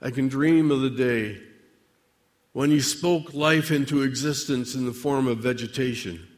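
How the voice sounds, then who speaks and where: A man preaching a dramatic sermon monologue addressed to God, with measured, theatrical delivery and long pauses. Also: medium pitch, long reverb tail.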